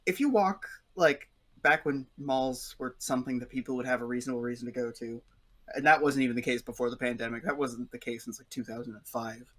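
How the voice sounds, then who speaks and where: Brief: male game master, mid pitch, rambling storyteller in casual table chat. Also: steady tone, brisk, fairly bright tone. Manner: rambling storyteller, acts out voices. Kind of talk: casual chat between players.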